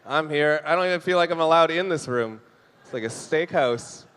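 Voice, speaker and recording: A man's voice: a little high, normal speed, a bit bright, clear, resonant tone. A young man from Canada doing a stand-up comedy set on a club stage, joking with the crowd and acting out quoted voices. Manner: jokey, talks to the crowd, acts out quoted voices. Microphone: handheld stage mic. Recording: live room with long reverb.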